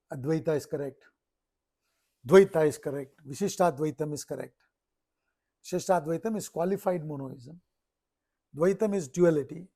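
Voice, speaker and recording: Man, gravelly. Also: a little high, dark tone. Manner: storytelling, checks in with listeners often. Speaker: spiritual teacher. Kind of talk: explaining scripture in a talk.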